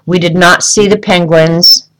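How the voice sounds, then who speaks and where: A woman chats on a home livestream, showing off her things. She rambles easily and calls out to viewers by name. Her voice sits a little low. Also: steady tone, measured pace, rough recording. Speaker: vlogger showing travel souvenirs. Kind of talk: casual livestream chat. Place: room at home.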